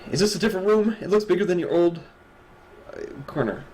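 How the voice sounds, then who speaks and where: A man's voice: sits high, animated, fast talker, darkish tone, a little hiss or hum, poor audio. A young man co-hosting a stream from a desk at home, chatting casually, joking and laughing often. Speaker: co-host of an awards stream.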